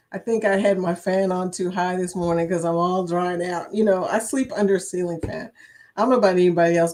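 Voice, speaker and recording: An older woman hosting a casual live-stream chat, chatty and laughing often as she reads viewers' comments aloud, with a slight cough and a dry throat. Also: mid-range voice.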